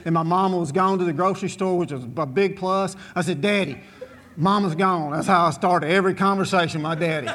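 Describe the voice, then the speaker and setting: A man telling a comic story to a live audience in a folksy, animated way, full of asides. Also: sits high, fast, hardly any pauses.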